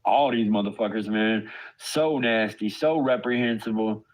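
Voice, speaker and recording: A lowish male voice at normal speed comes through a rough recording. The speaker, a father, is ranting angrily to his stream about online drama, swearing hard and stammering in disbelief.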